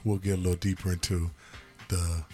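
Laid-back lower-voiced radio co-host. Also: male voice, little pitch movement, fairly quick, darkish tone, faint music behind. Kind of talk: casual radio banter.

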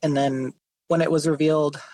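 A man's voice: a little high, moderate pace, no room sound, rough recording. A man, an artist and interview guest, telling his story casually with lots of "like" and "you know". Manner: relaxed, many fillers like "like" and "you know".

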